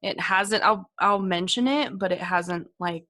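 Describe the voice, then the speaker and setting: Woman, podcast co-host, casual chat, slow deliberate pace, giggly. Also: mid-range voice, bright, forceful tone. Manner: laughs often, chatty storyteller.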